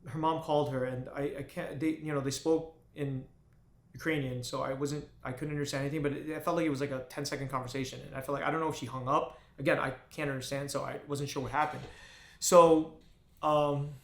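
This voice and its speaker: A man's voice: a little high, steady tone, a bit bright. Man telling a raw personal story, echoey room. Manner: halting, with frequent restarts and fillers. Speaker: vlogger.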